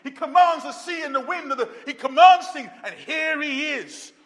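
A man preaching with a very high, bright, forceful voice. He swings from loud calls to soft, low lines. His voice carries a long reverb, as if he stands in a church hall. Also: normal speed. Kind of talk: sermon.

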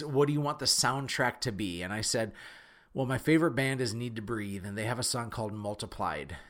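Earnest Midwestern man telling a story. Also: mid-range voice. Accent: Midwestern American. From Fargo, North Dakota. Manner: animated, earnest, self-deprecating storyteller. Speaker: speaker telling a personal story. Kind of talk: personal storytelling talk.

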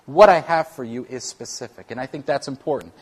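A man, a worship pastor, preaching a conversational sermon, animated and at times self-deprecating. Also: medium pitch, a little fast.

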